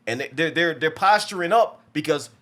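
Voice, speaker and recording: A man's voice: on the high side, lively intonation, fairly quick, pushed and bright. A man hosting a movie review show, casually recapping a film with lots of restarts and profanity. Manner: rambling, many restarts, acts out quotes. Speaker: movie review podcast host.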